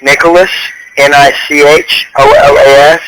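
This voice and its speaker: A man on a phone call, talking in a halting way with many restarts. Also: a little high, little pitch movement, background noise. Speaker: caller. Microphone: telephone.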